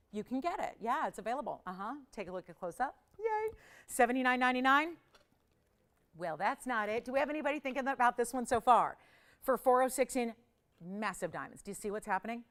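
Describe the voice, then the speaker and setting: A woman's voice: on the high side, expressive, brisk, a bit bright. Enthusiastic woman jewelry shopping host. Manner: enthusiastic, emphatic selling with repeated phrases. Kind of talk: live TV shopping pitch.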